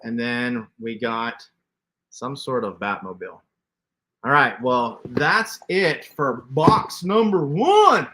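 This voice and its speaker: A man's voice: mid-range voice, very animated, takes it slowly, sharp tone. A man, casually hosting a toy livestream, laughing often and reading chat aloud. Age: 40s. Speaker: toy collector livestream host.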